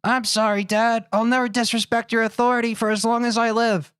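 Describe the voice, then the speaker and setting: Guy doing a whiny sulky kid, voice pushed up a bit, bright. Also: very high-pitched, flat delivery, brisk, clear, resonant tone, no room sound, studio quality, pitched above the performer's own voice. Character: sulky young son talking back.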